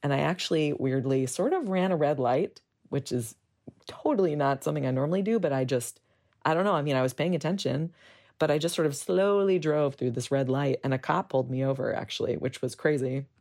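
Deep gravelly woman telling her story. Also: fairly quick. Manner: animated, rambling storytelling with fillers. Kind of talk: candid interview recollection.

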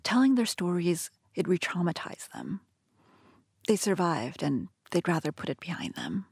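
A woman reporter reading a calm, measured scripted narration. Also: lowish voice, creaky, breathy edge, no echo.

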